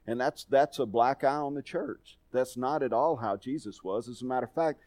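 This middle-aged Texas pastor delivers a sermon full of folksy personal stories, speaking conversationally. His voice is mid-range, a little mellow, and moves at a normal speed.

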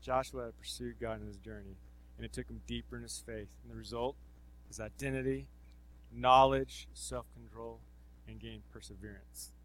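A man preaching a sermon in a casual, conversational way with slang, swinging between loud emphasis and near-murmured asides. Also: medium pitch, steady tone, normal speed, rough recording.

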